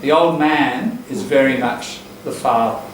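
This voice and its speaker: A man teaching an English class, explaining pronunciation patterns in a relaxed way and repeating phrases to model them. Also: medium pitch, unhurried, a little hiss or hum. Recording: echoey classroom recorded from a distance.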